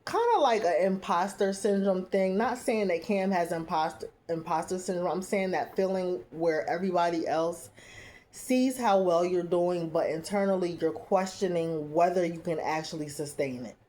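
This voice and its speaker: A woman recapping a reality show in a casual, opinionated, animated way. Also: fairly low pitch, moderate pace. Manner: chatty, opinionated, animated storytelling with playful asides.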